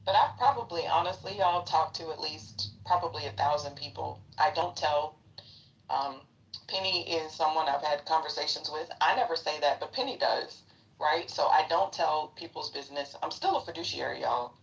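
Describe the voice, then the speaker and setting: A woman's voice: low-pitched, lively intonation, moderate pace, creaky, far from the mic, dull audio. A middle-aged woman chatting casually in a live audio room, blunt, profane and ready to call people out. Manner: confrontational when calling someone out. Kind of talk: casual chat.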